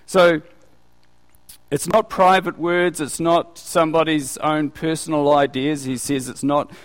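A man with a slightly raised voice teaches from the Bible in a relaxed, conversational way, putting questions to his listeners. His voice carries a long reverberation from the hall around him. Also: a little high, unhurried. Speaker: preacher.

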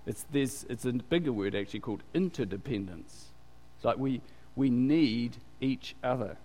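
This pastor's voice is warm and medium-pitched, moving at normal speed with hardly any pauses. He delivers a conversational sermon in church, chatting and regularly posing questions to the congregation, then waiting for replies. A long hall reverb surrounds the sound.

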